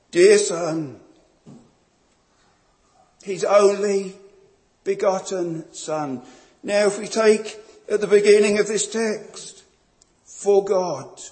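Slow, high-voiced preacher in echoing church. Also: male voice, darkish tone. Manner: slow, solemn, repetitive emphatic phrasing. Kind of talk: sermon. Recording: long reverb of a large hall.

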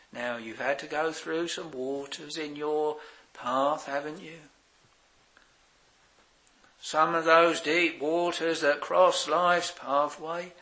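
Slow, halting preacher with a bright voice. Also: male voice, a little high, poor audio. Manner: slow, halting delivery with many fillers and archaic scripture phrasing; swells louder on exclamations, drops very soft at phrase ends. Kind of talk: sermon.

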